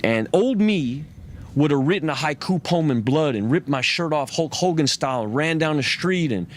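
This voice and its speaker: A man's voice: fairly high pitch, expressive, moderate pace, slight background noise. A profane, rambling man telling a story. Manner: profane, rambling, restarts a lot. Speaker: interview guest. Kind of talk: casual storytelling.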